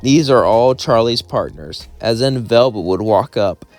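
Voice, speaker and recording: A man's voice: mid-range voice, expressive, unhurried, darkish tone, faint music behind. A man casually narrating a fan story in a loose, rambling way.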